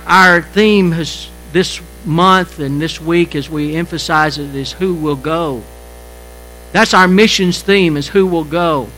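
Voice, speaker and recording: A man preaching a sermon as pastor, halting and repeating words, shifting between quiet stretches and emphatic lines. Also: high-pitched, low-quality recording.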